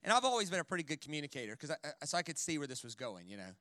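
A man preaching a sermon in a church in an animated, conversational way, full of jokes and quick "right?" asides. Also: on the high side, no echo, clean studio sound. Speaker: guest preacher. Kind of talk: sermon with storytelling.

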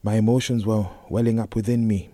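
A young man telling a personal story in a slow, intense spoken-word reading, often sinking to a whisper. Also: fairly low pitch, level tone, warm tone, dry recording. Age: young adult.

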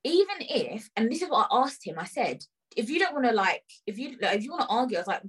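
A young woman with a London accent telling an animated, indignant story in a casual rant, full of swearing and slang. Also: medium pitch, fast talker, breathy edge, poor audio. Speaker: vlogger.

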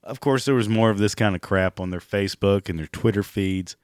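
A hoarse man with a raspy voice, giving sarcastic, profane commentary and mocking the people he talks about. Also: lowish voice, a little fast, dry recording, clean studio sound. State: hoarse, clearing throat and coughing. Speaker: commentary vlogger. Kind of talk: ranting commentary.

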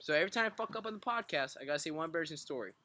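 A man's voice: a little high, very fast. A man co-hosting a podcast, joking and swearing, speaking thickly and running his words together. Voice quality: thick, mumbled articulation. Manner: excitable, swears a lot, laughs often. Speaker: podcast co-host. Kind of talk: casual podcast banter.

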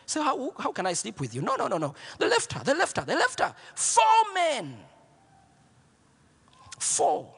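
A man preaching as pastor, telling a story with repeated lines and swinging from hushed near-whispers to shouts. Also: very high-pitched, wildly swooping pitch, unhurried, creaky, pauses often, breathy edge, long reverb tail. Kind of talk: sermon.

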